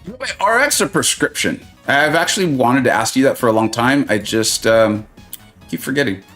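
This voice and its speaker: A man's voice: mid-range voice, animated, a little fast, a bit bright, soft background music. A man hosting a live mobile-game stream, chatting and joking with viewers, reading their comments aloud and laughing often.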